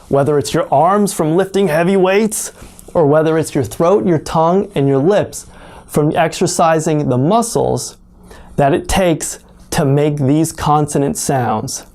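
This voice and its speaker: Speaking deliberately in a warm, mid-range voice, a native English speaker teaches pronunciation online and exaggerates sounds to model them.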